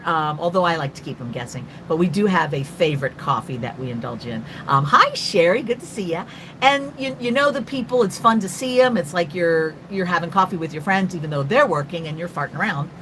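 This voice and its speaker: Lively chatty older woman streaming. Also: lowish voice, a little hiss or hum, low-quality recording. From North Carolina, USA. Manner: chatty, rambling, greets viewers by name; talkative and quick after coffee. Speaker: artist hosting a live stream. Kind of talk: casual live-stream chat.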